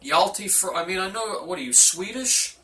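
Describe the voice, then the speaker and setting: A man doing a comic locker-room roll call as team manager, rambling, profane and mock-gruff. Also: high-pitched, lively intonation, moderate pace, sharp tone, roomy sound, recorded from a distance, slight background noise. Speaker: team manager giving a speech.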